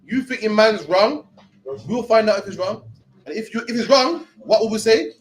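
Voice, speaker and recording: A man's voice: high-pitched, moderate pace, a little hiss or hum, rough recording. A young man leading a scripture class in a loose, blunt, slang-heavy teaching style. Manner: streetwise, blunt, peppered with slang.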